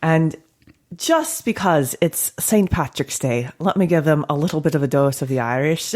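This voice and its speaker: A woman's voice: low voice, animated, moderate pace, darkish tone. A woman hosting a podcast in a studio, a counselor who chats frankly and laughs often. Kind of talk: casual podcast chat.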